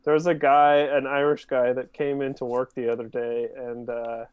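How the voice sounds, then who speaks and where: A man's voice: medium pitch, flat delivery, moderate pace, clean tone, dry recording, muffled recording. A man co-hosting a casual history podcast, joking and swearing freely between short remarks. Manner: joking, swears casually, reads quotes aloud. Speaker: podcast co-host.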